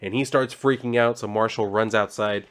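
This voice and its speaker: A man's voice: fairly low pitch, steady tone, moderate pace, a bit bright, smooth. A man casually recapping a comic book issue, rambling with lots of filler words and offhand swearing.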